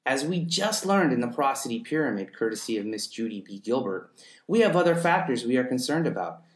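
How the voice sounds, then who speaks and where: A man giving a class presentation, reading from prepared notes in a measured, explanatory way. His voice sits at an ordinary pitch and rings out in a roomy, echoing space. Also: very animated. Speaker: student presenter. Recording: roomy echo.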